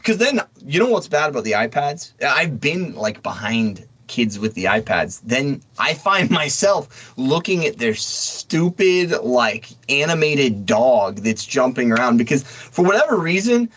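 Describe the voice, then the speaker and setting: A man's voice: medium pitch, big pitch swings, measured pace, hardly any pauses, a bit bright. A man co-hosting a casual podcast, blunt and mocking, talking loosely with fillers and the odd laugh. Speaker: podcast co-host. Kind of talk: casual opinionated chat.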